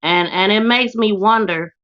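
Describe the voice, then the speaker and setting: A woman's voice: medium pitch, normal speed, highs cut off. A woman hosting a casual live stream, greeting viewers by name and speaking, indignant and emotional. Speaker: YouTube channel host.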